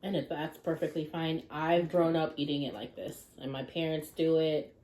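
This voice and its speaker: A woman with a somewhat low voice chats casually over a meal, teasing her friend and explaining familiar dishes. The sound carries a clear room echo. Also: fairly even intonation, normal speed, dark tone. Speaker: co-host friend. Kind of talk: casual chat while eating. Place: home room with her dogs. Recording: echoey room.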